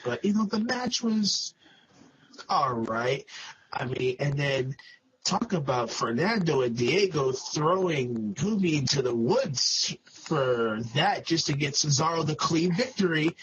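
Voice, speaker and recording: A man giving emphatic, drawn-out opinions as a casual podcast commentator. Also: on the high side, a bit bright, a little hiss or hum. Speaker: wrestling show reviewer. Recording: dull lo-fi audio.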